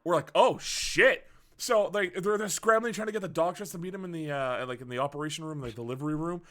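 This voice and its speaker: A young man hosting a casual podcast, telling a story in a lively, swearing way and acting out the people in it. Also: on the high side, quick pace. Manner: animated, swearing storyteller who acts out quotes. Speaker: podcast host.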